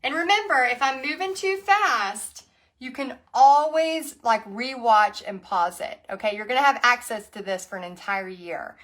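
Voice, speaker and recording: A woman's voice: fairly high pitch, moderate pace, fairly bright tone. A Texan woman leading a live-streamed painting lesson, chatty and giggly, greeting viewers by name as she paints. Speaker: paint party instructor.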